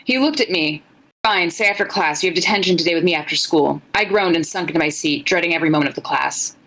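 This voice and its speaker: A woman's voice: lowish voice, fast talker, a bit bright, rough recording. A young woman co-hosting a podcast, blunt and joking as she reads fan fiction aloud in casual chat. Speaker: podcast co-host.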